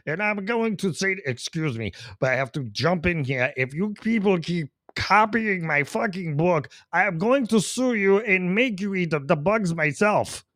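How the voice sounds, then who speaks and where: A man doing a shrill pompous elite tycoon. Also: expressive, moderate pace, hardly any pauses, a bit bright, no room sound, clean studio sound. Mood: indignant. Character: pompous European elite man, high and indignant.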